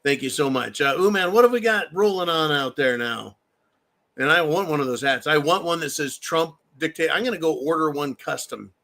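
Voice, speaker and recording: A man's voice: a little high, fairly quick, creaky, pushed and bright. A man hosting a live stream, reading viewer comments aloud and ranting in a profane, mocking way. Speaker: host reading viewer chat.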